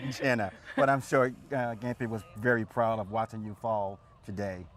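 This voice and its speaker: A man's voice: on the low side, fairly even intonation, moderate pace. A man who is a retired army parachutist, speaking earnestly as a guest on a TV interview. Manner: warm, earnest, repeats "absolutely".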